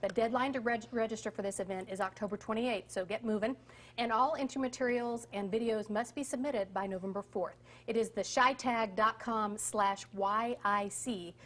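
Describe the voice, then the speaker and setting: A woman's voice: a little high, fairly even intonation, moderate pace, fairly bright tone. A woman hosting a local morning TV show, upbeat and gushing with praise as she interviews guests and reads the announcements. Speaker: TV show host.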